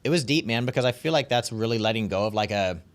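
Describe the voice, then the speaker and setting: A man's voice: medium pitch, expressive, fast. A man in his forties hosting a podcast in casual chat, candid and slangy, swearing freely. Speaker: podcast host.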